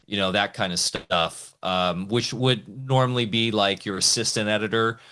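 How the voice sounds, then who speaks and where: A man speaking as a guest on a casual podcast, an entrepreneur talking excitedly in rambling bursts with many restarts. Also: on the low side, normal speed, a little hiss or hum.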